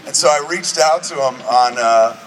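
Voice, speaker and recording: A man's voice: medium pitch, moderate pace. A man in his forties telling a profane, chatty anecdote to a live audience at a film screening. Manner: profane, chatty, acts out both sides of conversations. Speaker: guest speaker at a film screening. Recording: distant mic in a noisy venue.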